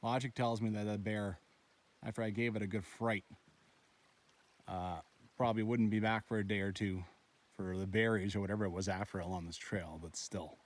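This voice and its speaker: A man with a slightly low voice talks into his phone outdoors on a backcountry trail. His vlog is loose and rambling, and he keeps checking in with "right?" as he walks. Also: steady tone, moderate pace. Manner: chatty and rambling, often asks "right?". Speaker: solo backpacker filming his trip. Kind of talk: casual vlog narration while hiking. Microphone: handheld phone.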